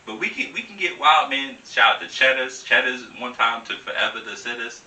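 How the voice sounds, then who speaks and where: A young man chatting as a guest in a loose, slangy way, animated and laughing often. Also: medium pitch, brisk, roomy sound, recorded from a distance, low-quality recording. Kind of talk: casual chat over wine.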